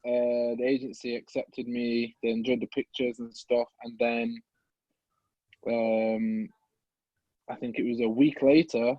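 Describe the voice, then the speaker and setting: Young man, Midlands accent, podcast guest, animated storytelling, middle pitch, dry slightly dull sound. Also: a little slow, no echo. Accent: English Midlands. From England. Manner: animated, acts out voices of people in his story. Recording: slightly muffled dry recording.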